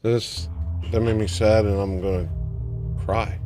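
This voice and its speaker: A man hosting a casual livestream from his home, chatting excitedly and cooing over newborn puppies. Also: fairly low pitch, measured pace, soft background music. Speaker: livestream host. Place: home with dogs.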